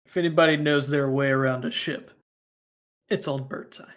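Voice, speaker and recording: A man's voice: mid-range voice, steady tone, moderate pace. A man playing a tabletop game, joking in an offhand way. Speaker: player. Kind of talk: casual tabletop play.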